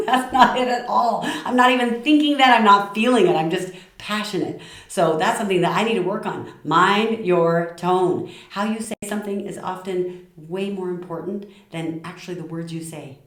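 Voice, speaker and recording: A middle-aged woman giving tips on communication, passionate and lively, acting out short quoted lines. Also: mid-range voice, moderate pace, reverberant. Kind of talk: talk to camera.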